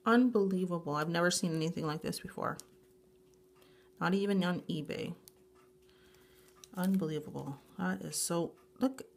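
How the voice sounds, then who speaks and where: A woman speaking slowly and at a drawn-out pace, with a voice of medium pitch. She gushes over each item she unboxes, piling up excited exclamations in a casual vlog. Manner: slow, drawn-out delivery. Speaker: YouTuber unboxing a grab bag.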